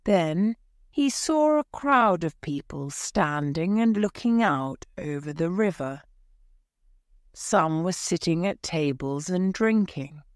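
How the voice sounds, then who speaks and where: Woman, audiobook narration, slow, dry close mic. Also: dry recording. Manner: clear, deliberate storytelling with lively pitch.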